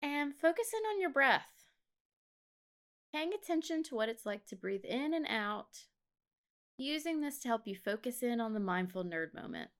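Smooth-voiced woman guiding a meditation. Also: on the high side, big pitch swings. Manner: soft, slow meditation guidance. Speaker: podcast host leading a guided meditation. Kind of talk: casual chat then guided meditation.

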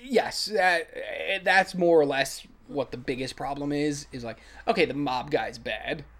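A podcast co-host chatting casually about a film, laughing often and rambling excitedly. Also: mid-range voice, measured pace. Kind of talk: casual film-review chat.

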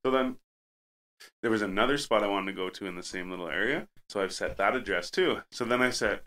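A man's voice: lowish voice, animated, fairly quick, sharp tone. A man co-hosting a podcast who tells long, rambling, profane stories and keeps going off on tangents. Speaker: podcast co-host. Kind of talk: casual storytelling.

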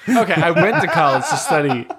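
A man's voice: a little high, very animated, a little fast, crowd noise. Joking young man in casual banter. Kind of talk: casual chat.

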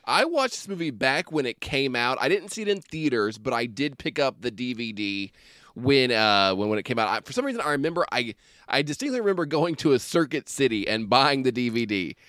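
Lively, jokey male podcast co-host. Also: mid-range voice, dry recording, clean studio sound. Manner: animated, jokey, quick to riff. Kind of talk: casual chat.

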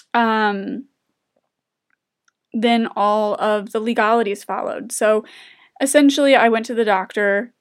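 A young woman speaks straight to camera in a confessional vlog, earnest and halting, her sentences breaking off and starting over. Her voice sits at an ordinary middle pitch for a woman, and the emotion rises close to the surface as she talks. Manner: earnest, halting, with many restarts; openly emotional. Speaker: vlogger. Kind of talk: personal confessional talk to camera.

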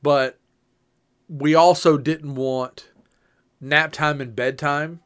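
A man's voice: fairly high pitch, steady tone, slow, fairly bright tone, clear, resonant tone. A man and young father chatting about parenting, explaining things point by point with dry humor. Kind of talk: casual chat about parenting.

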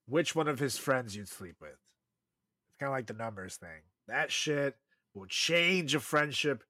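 A man's voice: mid-range voice, measured pace, no room sound. Young guy cohosting a podcast, swears a lot, laughs a lot, voice jumps all over. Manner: laughs often, swears, animated swings in loudness. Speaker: podcast co-host. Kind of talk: casual crude podcast chat.

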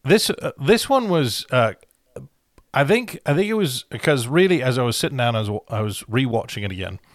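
A man's voice: mid-range voice, sing-song, a little fast, dry recording, clean studio sound. A man with a put-on British accent, bantering in character on a comedy podcast, playful and rambling with lots of restarts. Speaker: podcast co-host.

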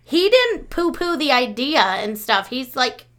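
A young adult woman co-hosting a casual podcast chat, rambling with lots of fillers, dropping quiet and then getting loud. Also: sits high, sing-song, measured pace. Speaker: podcast co-host.

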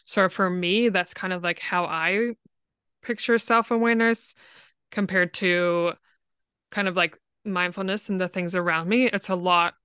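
A woman's voice: on the low side, steady tone, a little slow, pushed and bright, smooth, no room sound, studio quality. A woman who is a podcast guest, talking in a rambling, reflective way and saying "like" a lot. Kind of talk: casual interview chat.

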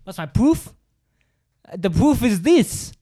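A man doing a cocky, defiant homeless suspect in an improvised interrogation skit, talking back to the cop with a brash, high-pitched voice. He keeps needling with "hey" and swearing at the officer. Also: sing-song, slow, mellow, full character voice. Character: cocky homeless male suspect who insists the moon is fake. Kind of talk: improvised interrogation role-play.

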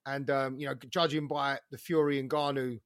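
A man's voice: mid-range voice, little pitch movement, normal speed, no echo. Chatty British man, dry close sound. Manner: chatty, laughs easily, swears, drops "innit". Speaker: boxing podcast co-host. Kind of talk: casual chat.

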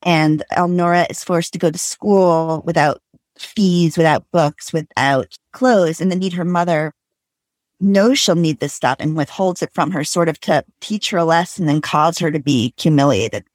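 A woman's voice: low voice, moderate pace, a little mellow, no room sound. A woman co-hosting a book discussion who talks in a thoughtful way with many hedging asides.

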